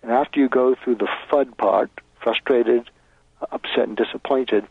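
A man's voice: medium pitch, steady tone, normal speed, vocal fry, a little hiss or hum. A man being interviewed as a guest author, explaining step by step and acting out sample lines over a phone line. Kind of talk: advice interview.

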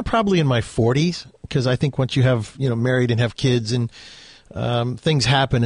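A man's voice: mid-range voice, no room sound, studio quality. A middle-aged man hosting a radio show, reading sponsor spots and chatting with his guest. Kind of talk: radio interview and sponsor reads.

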